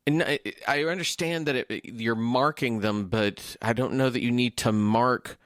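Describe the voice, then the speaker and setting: A man's voice: mid-range voice, unhurried, a bit bright, no room sound, clean studio sound. A man co-hosting a casual movie podcast over a video call, thoughtful and often searching for words. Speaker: podcast co-host. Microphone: home mic on a video call.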